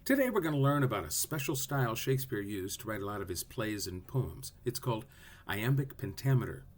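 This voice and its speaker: A man's voice: lowish voice, a little fast. A man teaching a class video, explaining poetic rhythm in a playful way and sounding out beats. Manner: lively, playful teaching voice with sung-out rhythm syllables.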